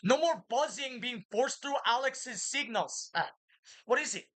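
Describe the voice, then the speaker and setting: A woman's voice: on the high side, expressive, unhurried, fairly bright tone. A woman talking in a rambling monologue to her viewers, often speaking of herself in the third person, blunt and profane. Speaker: vlogger.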